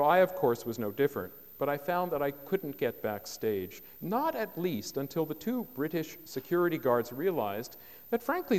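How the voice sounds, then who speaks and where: A man's voice: mid-range voice, darkish tone. Wry man lecturing in a reverberant hall. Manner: wry, dry humour with self-deprecating asides. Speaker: biographer giving a public lecture. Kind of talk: public lecture with anecdotes. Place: lecture hall with a live audience.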